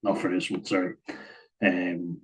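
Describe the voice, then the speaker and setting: A man's voice: low voice, monotone, a little slow, a bit bright, low-quality recording. A man giving a chatty, casual voice-over breakdown of rugby footage, often saying "like" and chuckling at his own asides. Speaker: rugby match analyst.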